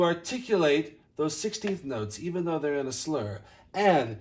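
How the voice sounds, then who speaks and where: A man directing a choir rehearsal, coaching singers and speaking lines of the text slowly to model their phrasing. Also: on the high side, big pitch swings, far from the mic, music in the background. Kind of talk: rehearsal instruction.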